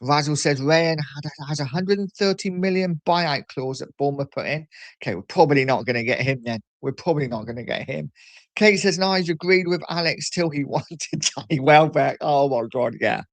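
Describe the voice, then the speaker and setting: A man's voice: on the high side, normal speed, dry recording. Chatty man, dry close sound. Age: middle-aged. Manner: chatty, reads viewer messages aloud. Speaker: livestream host. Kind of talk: casual live chat reading comments.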